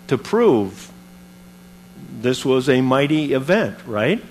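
A man preaching a sermon, retelling a Bible story in an animated, conversational way with modern comparisons. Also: mid-range voice, takes it slowly, pauses often, a little hiss or hum.

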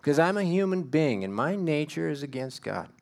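A man's voice: a little high, sing-song, normal speed, vocal fry, a little mellow. A middle-aged man preaching a sermon in a conversational, self-deprecating way, building to emphatic bursts.

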